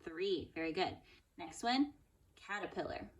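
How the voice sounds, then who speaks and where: A woman first-grade teacher giving an upbeat, encouraging phonics lesson, stretching out words slowly to clap their syllables. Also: lowish voice, animated, recorded from a distance. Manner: slow, drawn-out word modelling, clapping out syllables. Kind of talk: recorded phonics lesson for young pupils. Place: indoors at home. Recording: voice a bit off-mic.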